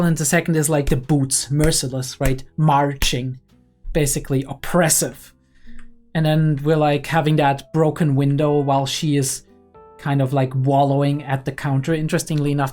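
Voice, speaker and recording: A man's voice: on the high side, a little mellow. A young man hosting a reaction video, talking casually and rambling with lots of fillers and chuckles. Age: young adult.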